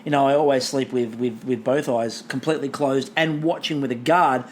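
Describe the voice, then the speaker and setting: A man's voice: medium pitch, steady tone, normal speed, slight background noise. A man co-hosting a casual comedy podcast, rambling with sarcastic, mock-dramatic asides. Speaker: podcast co-host.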